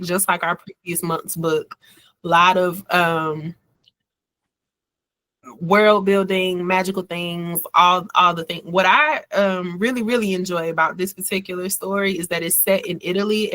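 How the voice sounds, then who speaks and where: A woman's voice: on the low side, fairly bright tone, no room sound. A woman hosting a book club over a video call, laid-back and joking in a folksy way. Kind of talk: casual chat.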